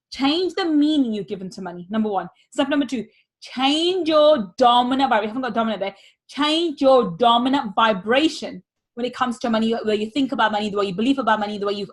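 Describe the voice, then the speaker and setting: A woman money mindset coach teaching a workshop, repeating key phrases with energy. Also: on the high side.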